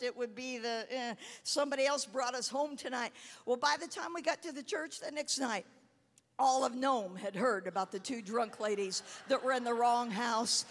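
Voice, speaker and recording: High-pitched woman preacher, animated storyteller, long hall reverb. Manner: animated storytelling, laughing and shouting at high points. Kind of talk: sermon with a personal story.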